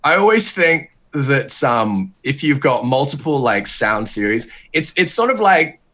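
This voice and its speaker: A man talking in a casual podcast, rambling with many restarts and getting animated as he speculates. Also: mid-range voice, a little slow. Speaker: podcast guest.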